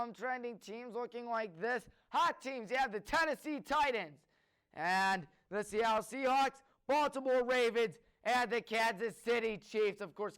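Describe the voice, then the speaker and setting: A man's voice: very high voice, a bit bright, smooth. A man hosting a solo sports talk show, eagerly listing names with frequent fillers. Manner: enthusiastic, rattles off lists of names with fillers. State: out of breath.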